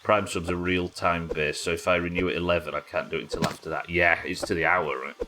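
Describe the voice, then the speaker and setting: A man's voice: deep voice, flat delivery, quick pace, music in the background. A man streaming a game live, chatting casually with his viewers and co-players, swearing now and then as he answers their questions. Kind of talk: live gaming stream chat.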